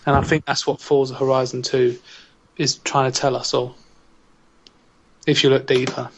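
A man's voice: mid-range voice, flat delivery, normal speed, husky. A British man hosting a casual podcast, joking and teasing his co-hosts. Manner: jokey, teasing banter. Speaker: podcast host. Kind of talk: casual chat.

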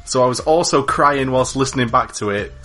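A man co-hosting and editing a podcast, talking in a relaxed, amused way with hesitant fillers. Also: medium pitch, a little fast, faint music behind. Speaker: podcast co-host and editor. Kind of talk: casual chat.

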